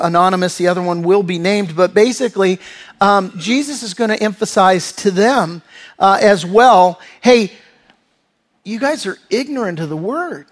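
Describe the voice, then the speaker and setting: A male pastor preaching a sermon in an earnest, conversational way, often restarting and stumbling over his words. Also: high voice.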